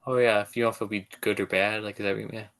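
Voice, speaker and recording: A man's voice: lowish voice, level tone, rapid-fire, fairly bright tone. A man hosting a casual podcast interview, asking curious questions and chiming in with short replies. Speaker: podcast host.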